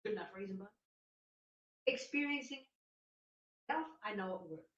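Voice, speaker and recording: A woman's voice: mid-range voice, lively intonation, normal speed, fairly bright tone, roomy sound, recorded from a distance, highs cut off. A woman taking part in a coaching session, talking in short clipped fragments. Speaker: participant.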